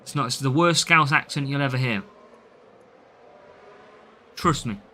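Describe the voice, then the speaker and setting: A man's voice: mid-range voice, measured pace, sharp tone. A young man with an English Midlands accent, chatting through live game commentary and greeting viewers by name. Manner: chatty, reads out and answers viewer names. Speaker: game streamer.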